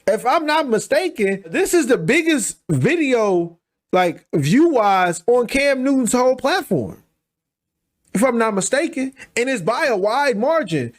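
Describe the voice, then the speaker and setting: A man hosting a reaction channel, restating the clip's point in fast, casual commentary full of slang. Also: extremely high pitch, sing-song.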